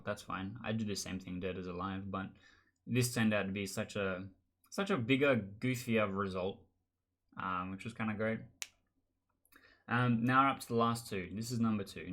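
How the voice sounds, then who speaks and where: Low-voiced man telling game stories. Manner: chatty, animated, acts out other players' lines. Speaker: board game channel host. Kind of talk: casual storytelling monologue.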